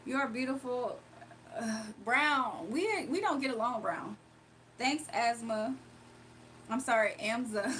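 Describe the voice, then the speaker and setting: A woman with a slightly high voice chats casually on a livestream, reading viewer comments aloud and laughing often. Faint background hiss sits under her voice. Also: unhurried, a bit bright. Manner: chatty, laughs often, answers viewers directly. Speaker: livestream host reading chat. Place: home, early morning.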